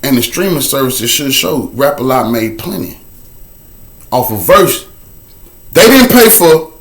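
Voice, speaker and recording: A man telling his own story in a casual, animated way, dropping to a low murmur for a repeated refrain. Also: unhurried.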